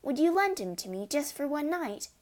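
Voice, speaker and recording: A woman's voice: sits high, big pitch swings, moderate pace, a little mellow, pitched above the performer's own voice. A woman doing a bold, clever little girl. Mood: eager. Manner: eager and playful.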